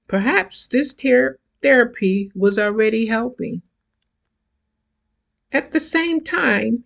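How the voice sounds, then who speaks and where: An author in their seventies reading their own fiction aloud, taking each phrase slowly and carefully. The voice has a gravelly, creaky texture and a measured, unhurried delivery. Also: mid-range voice. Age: 70s. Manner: slow, deliberate, careful reading. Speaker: self-published author. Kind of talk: reading own novel excerpt.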